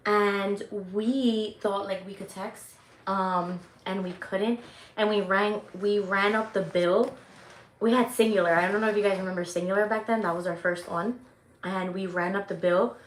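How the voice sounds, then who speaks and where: A woman in her forties chatting casually with viewers, telling stories in an animated, profane way with frequent laughter. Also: mid-range voice, reverberant. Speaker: livestream host. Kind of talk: casual storytelling chat.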